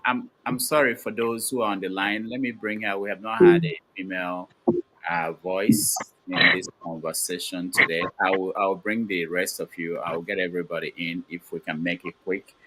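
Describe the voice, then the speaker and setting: A man's voice: low voice, fairly even intonation, moderate pace, a crowd in the background, poor audio. A man hosting a call-in talk show, moderating callers in a hesitant, conciliatory way. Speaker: host.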